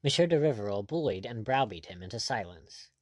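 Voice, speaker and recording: A man giving a measured, scripted audiobook narration. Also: on the low side, lively intonation, no echo.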